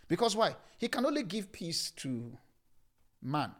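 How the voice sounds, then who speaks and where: A man with a Nigerian accent preaching a sermon as a pastor, shouting scripture lines and then dropping to a calm, hushed voice. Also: a little high, a little fast.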